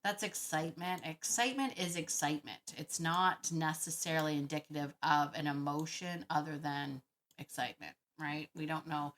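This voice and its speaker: A woman hosting a dog-training Q&A, talking casually and thinking out loud with frequent laughs. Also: deep voice, moderate pace. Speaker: dog trainer podcast host. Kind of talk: casual Q&A monologue.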